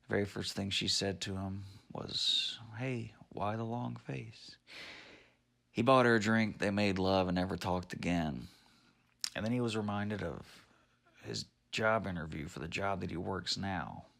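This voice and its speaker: A man's voice: deep voice, normal speed, creaky, fairly bright tone. A man telling a made-up joke story in a rambling, offhand way. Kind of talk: improvised story narration. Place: at home.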